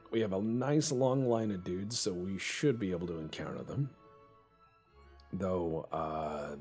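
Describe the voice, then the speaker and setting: A man's voice: low voice, a little mellow. A man hosting a let's play, giving casual commentary on a naval strategy game, joking, swearing and thinking aloud as he plays.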